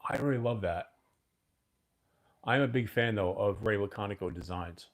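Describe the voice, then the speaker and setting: A man in his fifties runs a casual livestream and chats loosely with his viewers. His voice sits a bit low, and he often mutters to himself as he goes. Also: normal speed. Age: 50s. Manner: rambling, chatty, talks to viewers and himself. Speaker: livestream host.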